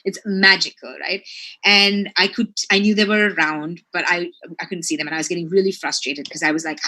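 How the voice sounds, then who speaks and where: A woman from Sri Lanka, a marine biologist, telling a lively story in conversation and peppering it with "right?" and "like". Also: lowish voice, fairly quick. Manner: chatty, fillers like "right?" and "like".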